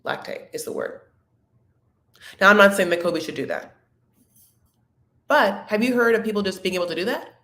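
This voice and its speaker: A woman's voice: mid-range voice, expressive, normal speed, pauses often, a bit bright, reverberant. A woman hosting a casual live recap chat, rambling and candid, with lots of tangents and filler words. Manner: rambling, chatty, full of "like" and tangents. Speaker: host of a reality TV recap show.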